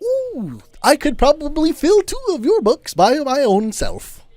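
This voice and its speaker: A man's voice: extremely high pitch, wildly swooping pitch, measured pace, darkish tone, dry recording, pitched above the performer's own voice, full character voice. A man doing eccentric old traveler Volo. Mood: boastful. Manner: fussy, beckoning, mutters to himself. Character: eccentric older male traveling author, well-traveled, pushy.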